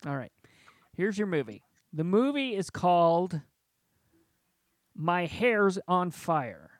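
A man's voice: sits high, expressive, slow pace, no echo, clean studio sound. A man hosting a casual podcast game among friends, laughing often as he sets up the rounds. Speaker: podcast host running a movie game.

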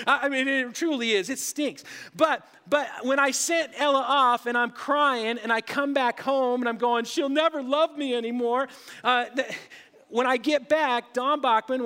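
A middle-aged male pastor preaching with a high, bright voice. He tells stories with frequent restarts and sinks to a hush on solemn lines. His sermon carries a long hall reverb. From Colorado.

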